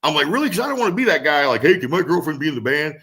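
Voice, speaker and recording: Animated, bright-voiced man swearing freely. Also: on the high side, very fast. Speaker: guest musician and singer. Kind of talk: casual storytelling interview.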